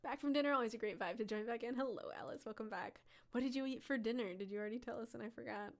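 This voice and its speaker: A woman's voice: a little high, racing. A woman hosting a live stream, reading viewers' character stories aloud and chatting with them, laughing often. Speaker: live-stream storyteller host.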